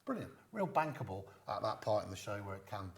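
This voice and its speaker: Lively man telling comedy stories. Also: on the low side, brisk. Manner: lively storyteller who acts out quoted lines. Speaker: guest comedian. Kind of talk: anecdotal storytelling in an interview.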